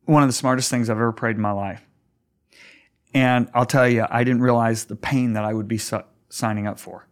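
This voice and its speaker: A middle-aged man, a pastor, telling a story earnestly in a conversation, his voice climbing high when stirred. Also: steady tone, brisk.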